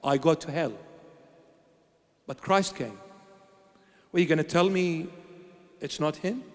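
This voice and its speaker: A man preaching a sermon at a church altar, impassioned and repetitive, swinging between shouting and hushed tones. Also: a little high, slow. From Syria. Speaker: bishop. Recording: long church reverb.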